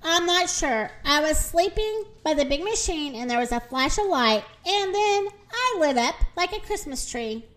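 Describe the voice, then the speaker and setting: A woman's voice: high-pitched, lively intonation, moderate pace, few pauses, fairly bright tone. A woman doing a little bewildered pig.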